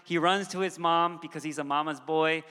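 Bright-voiced pastor preaching in a hall. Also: male voice, fairly high pitch, fairly even intonation, normal speed, clean tone. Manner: conversational, with frequent "okay" asides. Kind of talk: sermon. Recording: long hall reverb.

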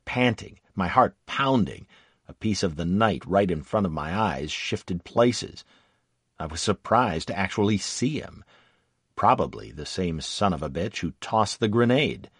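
Brief: low-voiced male narrator, lively delivery, dry close sound, first-person war memoir. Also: slightly rough, no echo. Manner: vivid, dramatic storytelling.

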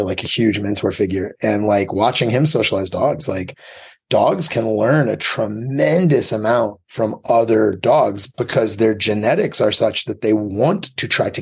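A man's voice: on the low side, creaky, breathy edge. A man who trains dogs, a guest on a podcast, talking emphatically and swearing freely. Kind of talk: casual conversation.

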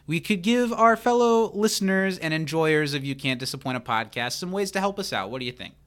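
Bright-voiced chatty male podcast host. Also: on the high side, animated, a little fast. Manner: chatty, self-deprecating. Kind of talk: casual podcast banter.

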